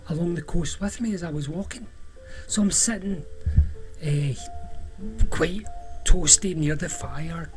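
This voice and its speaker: A man with a Scottish accent telling a personal story in a relaxed, chatty way, often restarting and drawing out words. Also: on the high side, low-quality recording. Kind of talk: casual spoken storytelling.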